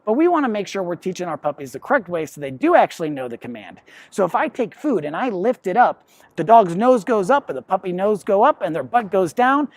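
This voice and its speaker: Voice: mid-range voice, big pitch swings, fairly quick, no echo. A dog trainer giving a plain, step-by-step lesson on puppy training, explaining with everyday comparisons. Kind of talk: instructional talk to camera.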